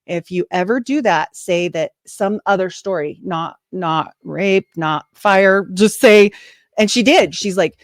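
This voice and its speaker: A woman's voice: lowish voice, measured pace, no room sound, studio quality. A woman talking casually in an interview, telling a long story animatedly and acting out what people said. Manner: animated, quotes people in lively voices. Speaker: podcast host, guest.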